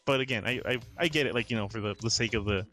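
A man's voice: mid-range voice, very fast, bright, forceful tone. A man co-hosting a podcast who chats casually about a film, asking questions and talking in hesitant, self-interrupting bursts. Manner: questioning, hesitant, many restarts and laughs. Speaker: podcast co-host. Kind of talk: casual film review chat.

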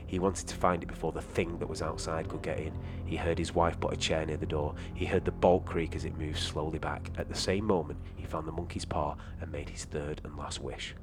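Deep-voiced man reading a story. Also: over music. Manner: steady, measured storytelling. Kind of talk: reading a short story aloud.

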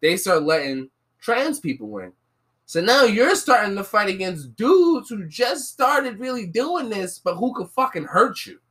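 A woman's voice: medium pitch, very animated, a little slow, a bit bright. A woman talking casually with a friend, pressing her argument in earnest. She leans on slang and keeps checking that she is understood. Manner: argues earnestly with slang and repeated "you get what I'm saying". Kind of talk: casual chat.

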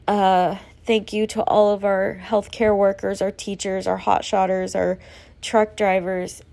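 Woman podcast host, gravelly mid-pitched voice, earnest and rambling, a bit winded. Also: flat delivery, a little slow, dark tone. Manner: rambling, earnest, self-reflective. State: running out of breath. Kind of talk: solo casual podcast monologue.

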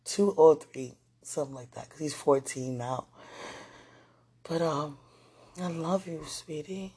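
Soft-spoken woman with a dark, smooth voice. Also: sits low, steady tone, takes it slowly. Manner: rambling and affectionate, with frequent religious talk; soft-spoken, drifting into near-whispers. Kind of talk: casual emotional monologue to a viewer.

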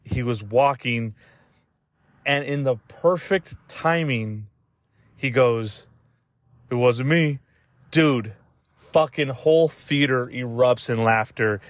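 A man's voice: mid-range voice, slow, dry recording. A young man hosting a podcast, rambling casually with lots of swearing and laughter. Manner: loose, profane, rambling with laughs. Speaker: podcast host. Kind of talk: casual rant.

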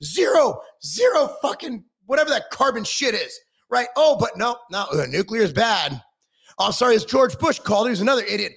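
Brief: middle-aged man, profane heated rant, high gravelly voice, swinging pitch. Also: big pitch swings, a little fast, a bit bright. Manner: heated, sarcastic, swearing constantly.

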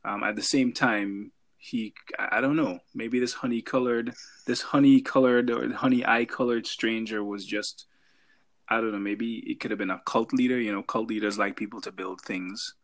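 A man's voice: on the low side, steady tone, normal speed, fairly bright tone. A male podcast co-host chats casually, joking and wandering through his thoughts. He keeps breaking up his sentences with filler words and restarts. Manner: joking, rambling, many fillers. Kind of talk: casual chat.

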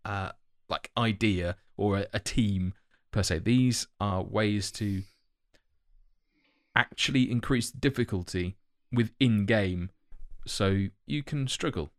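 A man co-hosts a casual podcast chat, rambling loosely, correcting himself, and using lots of fillers. His voice is on the low side and slow, in a dry, studio-quality recording.

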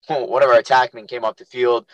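A young man co-hosting a casual podcast, an animated storyteller who acts out the quotes in his anecdotes. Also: medium pitch, moderate pace, no room sound, highs cut off. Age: young adult. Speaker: podcast co-host and youth lacrosse coach. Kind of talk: casual chat.

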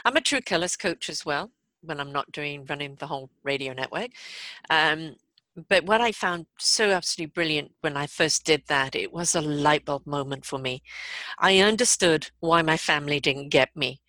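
A woman's voice: sits low, normal speed, sharp tone, no room sound. A woman who hosts a radio network, chatting casually, affirming her guest and talking expressively. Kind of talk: casual chat.

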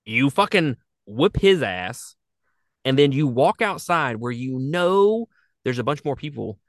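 A man's voice: mid-range voice, measured pace, no echo, studio quality. A man chatting casually about a movie, swearing and laughing often. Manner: laughing, profane, animated. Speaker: podcast co-host. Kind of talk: casual movie review chat.

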